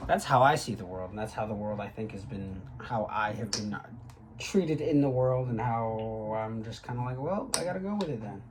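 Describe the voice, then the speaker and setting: A man's voice: on the low side, moderate pace, noisy background. A young man in his twenties, a graduate student, talking to the camera in a rambling casual vlog with lots of fillers and swearing. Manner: rambling, with frequent fillers and profanity.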